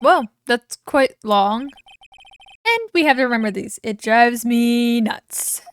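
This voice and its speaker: A woman's voice: on the high side, expressive, takes it slowly, smooth. A woman streamer reading a game's dialogue aloud and voice-acting the characters, with casual asides in between. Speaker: gaming streamer. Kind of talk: let's-play reading game dialogue aloud.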